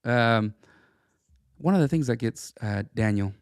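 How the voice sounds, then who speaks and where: A middle-aged man co-hosting a casual political podcast, talking in an animated, stammering, jokey way. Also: medium pitch, a little slow, clear, resonant tone, dry recording, clean studio sound. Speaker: podcast co-host.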